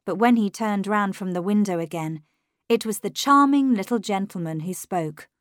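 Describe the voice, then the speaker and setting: A woman reading a first-person story aloud in a measured, clear way. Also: medium pitch, no echo, clean studio sound. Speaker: narrator.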